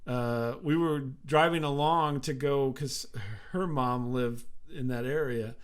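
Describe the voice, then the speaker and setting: A man's voice: mid-range voice, slow pace, clean tone. A middle-aged man with an ordinary mid-range voice spins loose, rambling stories in a casual chat. He restarts his sentences often and laughs along as he talks. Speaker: podcast co-host.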